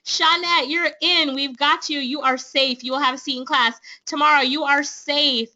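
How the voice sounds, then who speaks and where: A Jamaican woman runs an online class webinar with eager, persuasive energy. Her voice sits high and bright. The sound is dull and lo-fi, like a webinar stream. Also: steady tone, moderate pace. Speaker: online business trainer hosting a webinar. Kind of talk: upbeat sales pitch to webinar attendees.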